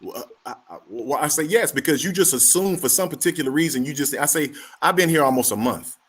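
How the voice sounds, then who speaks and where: A man's voice: fairly high pitch, lively intonation, fast, a bit bright, breathy edge. A man in casual chat, telling a story animatedly and acting out both sides of the dialogue.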